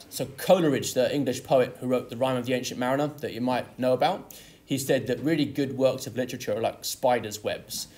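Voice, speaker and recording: A man's voice: medium pitch, a little mellow. A man teaching an English literature lesson, explaining a poem step by step and leaning on key words. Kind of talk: exam tutorial lesson.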